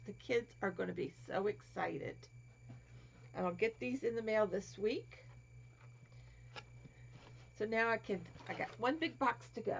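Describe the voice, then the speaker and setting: Gravelly woman cooing in a crafting vlog. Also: mid-range voice, measured pace, pauses often. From Florida. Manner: cooing over small toys, drops to whispers. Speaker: crafting vlogger. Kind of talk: casual show-and-tell vlog. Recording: dull lo-fi home recording, faint hiss.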